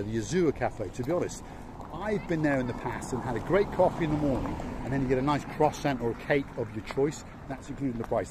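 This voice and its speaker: A man's voice: medium pitch, darkish tone, a little hiss or hum. A man hosting a vlog, giving a playful walking-tour commentary outdoors on a seaside promenade and repeating words for emphasis. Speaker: vlog host and tour guide.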